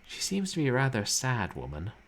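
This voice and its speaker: A man's voice: mid-range voice, wildly swooping pitch, brisk, fairly bright tone. A man casually commenting while playing an old game, with wry, musing asides.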